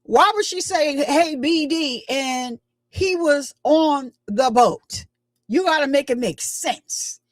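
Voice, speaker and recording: High-voiced woman chatting about a clip. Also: animated, slow, dry recording. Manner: chatty, emphatic, retells quotes. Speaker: commentary channel host. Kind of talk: casual commentary on a clip.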